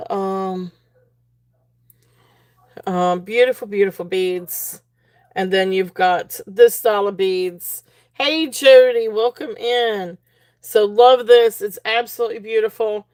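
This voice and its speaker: A woman's voice: medium pitch, steady tone, slow pace, darkish tone. A woman hosting a live-stream jewelry auction in a chatty, rambling way, full of fillers and restarts as she reads the chat aloud. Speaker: livestream auction host.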